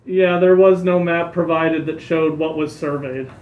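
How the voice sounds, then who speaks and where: A man's voice: fairly high pitch, unhurried, a little hiss or hum. A man chairing a public commission meeting, calling motions and votes in a procedural way. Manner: procedural, even. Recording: echoey phone-like line.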